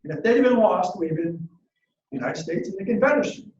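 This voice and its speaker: This male motivational speaker moves at a quick pace, his high voice full of expression as he dramatizes quotes and barks out battle orders. Audio quality is dull and lo-fi, with a far-off mic and lots of room echo.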